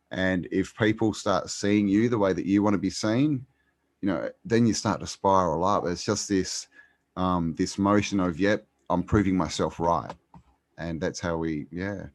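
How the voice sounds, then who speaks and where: A man speaking in a very low voice, recorded dry and close. He talks as a guest in a relaxed conversation, pausing often with ums and restarting his sentences. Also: no echo. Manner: hesitant, many ums and restarts. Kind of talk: casual conversation.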